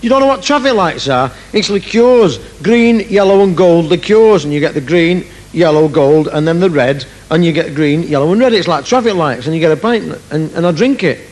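A man voicing a brash young woman at a bar, loud and blunt. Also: on the high side, animated, normal speed, few pauses, voice pushed up, rough recording. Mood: explaining. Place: live theatre stage.

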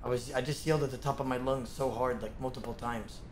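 A man live-streaming a game, talking to himself and to his chat, with sudden bursts of loud yelling and laughter. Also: medium pitch, fairly even intonation, fast.

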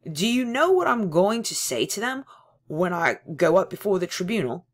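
A woman voicing a panicky, servile middle-aged male prisoner who stammers and pleads loudly. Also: lowish voice, sing-song, moderate pace. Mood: eager. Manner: stammering, pleading, louder than narration.

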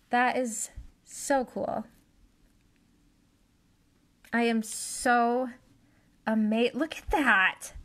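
A woman who owns an art studio, excitedly demonstrating a craft technique on a live stream, gasping and delighting at the results. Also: fairly high pitch, very slow, long pauses. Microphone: phone or camera on live stream.

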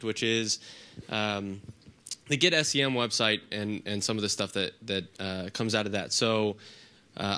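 A man's voice: lowish voice, sharp tone. A man in his thirties, a little sick with a nasal voice, giving a casual, hesitant lightning talk at a conference. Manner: hesitant, many ums and restarts. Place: conference room with audience.

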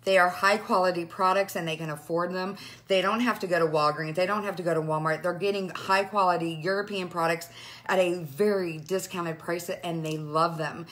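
A woman's voice: lowish voice, fairly even intonation, moderate pace, fairly bright tone. A woman in her thirties, tearful and overwhelmed, talking in a gushing, rambling way on a live phone video to her followers. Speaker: direct sales team leader.

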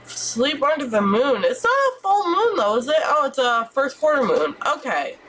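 Sex: woman. Style: excitable gameplay streamer. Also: sits high, moderate pace, noisy background. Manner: excitable, swearing, exclamatory, chatty. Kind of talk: live gameplay commentary.

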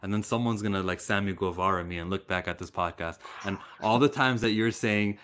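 Deep-voiced man joking on a podcast. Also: fairly even intonation, quick pace, hardly any pauses, a bit bright, clean tone. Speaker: podcast co-host. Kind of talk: casual podcast chat.

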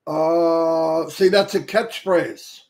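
A man's voice: a little high, fairly even intonation, very slow, a little mellow. A man hosting a casual livestream, reading out viewers' names one by one and welcoming them, now and then tripping over a name. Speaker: livestream host. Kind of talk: casual livestream shout-outs. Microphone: headset.

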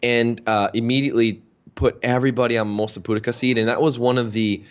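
A man's voice: mid-range voice, fast. A man in his thirties from Minnesota, a guest telling a story in a casual interview and acting out the dialogue. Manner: animated storyteller, acts out quoted dialogue. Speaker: interview guest, health practitioner. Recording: dull lo-fi sound.

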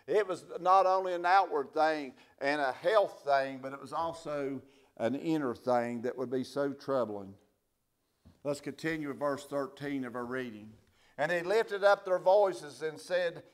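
A male pastor, preaching a sermon, reading scripture quietly and rising to loud emphatic preaching. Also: a little high, unhurried.

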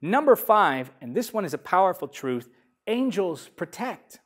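A man preaching a sermon, reading scripture emphatically and swinging between loud declarations and softer lines. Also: high-pitched, very animated, a little slow. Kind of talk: sermon teaching.

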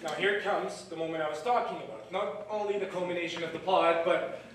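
A man plays a lonely fan of old musicals, confiding and wistful as he talks straight to the audience, his voice sitting high and bright. It is recorded live from far off in an echoey theatre. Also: a little fast, slight background noise. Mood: musing. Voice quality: wistful, confiding direct address. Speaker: stage actor. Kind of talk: live stage musical acting. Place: theatre stage.

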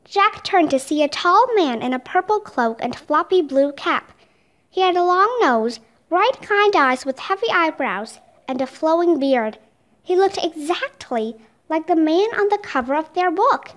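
High, lively woman reading a story. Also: measured pace. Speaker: storybook reader. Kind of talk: children's book read aloud.

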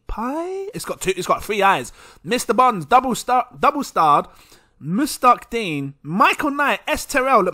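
A man hosting a crypto channel, chattily reading out a long list of names for shout-outs, stumbling over them, correcting himself and laughing easily. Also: extremely high pitch. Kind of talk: casual video shout-outs.

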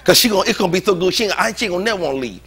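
A male pastor delivers a sermon with a high, lively voice that leaps up and down. He jokes and laughs easily and talks in loose, everyday speech. His tone is bright and ringing. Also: rapid-fire, slightly rough. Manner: animated, joking preaching with laughs; informal, colloquial speech.

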